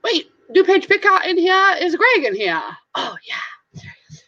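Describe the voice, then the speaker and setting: A middle-aged woman with a Southern US accent, a reseller, hosts a casual live stream and reads out comments in goofy, giggly, playful sing-song voices. Her voice is extremely high with big pitch swings, at normal speed, bright and forceful. The stream audio is slightly dull and lo-fi.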